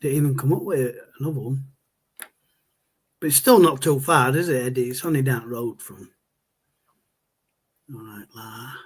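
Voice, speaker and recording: Man, casual livestream host, rambling, mid pitch. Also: brisk, slightly rough. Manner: rambling, reads and answers viewer chat.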